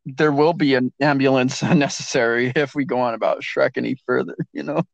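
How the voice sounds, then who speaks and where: A man's voice: medium pitch, fairly even intonation, brisk, gravelly, no echo, rough recording. A man hosting a casual podcast chat, joking in a laid-back way. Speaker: podcast host.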